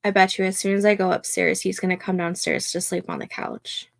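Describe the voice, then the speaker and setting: At night at home, a young adult woman hosts a casual livestream, chatting with viewers and talking to her dog between remarks. Her mid-range voice is flat, creaky and a little fast, with no echo.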